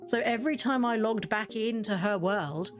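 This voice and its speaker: A woman giving casual, rambling commentary while playing a video game, chatty and quick to laugh. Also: a little high, soft background music. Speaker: game streamer.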